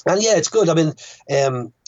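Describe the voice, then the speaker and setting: A man's voice: a little high, animated, normal speed, darkish tone, dull audio. A young Irish man, a filmmaker, chatting casually as a podcast guest and rambling with frequent restarts. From Ireland. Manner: rambling, many restarts and stammers.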